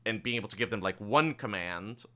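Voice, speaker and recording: A man's voice: lowish voice, lively intonation, fairly quick, sharp tone. A man running a tabletop game as game master, explaining casually with lots of fillers.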